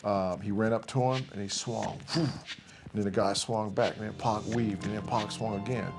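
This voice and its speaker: A man's voice: on the low side, fairly even intonation, normal speed. A man casually recounting a night's events, switching to others' voices as he quotes them. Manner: recounts events in present tense, voicing others' lines. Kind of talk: casual storytelling. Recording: clear music bed under voice.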